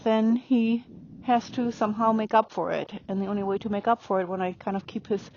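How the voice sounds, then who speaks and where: A woman riding a horse and calmly explaining her training as she goes, pausing to speak softly to the horse. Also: medium pitch, slight background noise. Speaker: riding instructor. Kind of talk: narrating while riding. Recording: dry, dull lo-fi sound.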